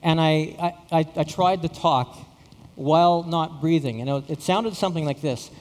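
A man's voice: a little high, normal speed, big-room sound. A middle-aged man from Saskatchewan, a pastor telling a story in a sermon, often repeating words with self-deprecating humor. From Saskatchewan, Canada.

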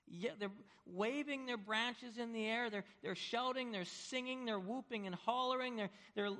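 Man, pastor, sermon, high-pitched voice, hushed to loud, animated storytelling, long hall reverb. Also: moderate pace, few pauses.

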